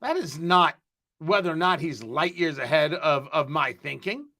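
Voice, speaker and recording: An East Coast-born man hosts his own casual live-stream chat show, speaking at normal speed in a voice on the high side. He is emphatic and animated and frequently repeats words as he goes.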